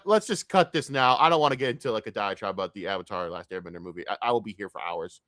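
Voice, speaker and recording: A man ranting in a casual, profane stream rant, jumping from loud outbursts to low grumbling. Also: fast, few pauses, no echo, clean studio sound. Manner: profane, excitable, swings between loud outbursts and mutters.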